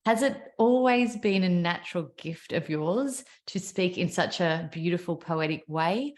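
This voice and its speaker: A woman's voice: fairly low pitch, lively intonation, a little slow, darkish tone. Earnest Australian woman hosting a podcast. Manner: gushing and earnest. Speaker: podcast host. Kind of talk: podcast interview.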